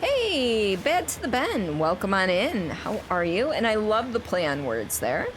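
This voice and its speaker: A woman's voice: medium pitch, very animated, unhurried, hardly any pauses, a little hiss or hum. A woman streaming a game, chatting casually with viewers, rambling with frequent restarts. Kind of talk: casual chat while playing and reading chat aloud.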